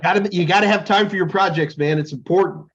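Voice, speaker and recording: A man's voice: high voice, quick pace, fairly bright tone, dull audio. A man co-hosting a podcast in casual chat, telling jokey, rambling stories. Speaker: podcast co-host.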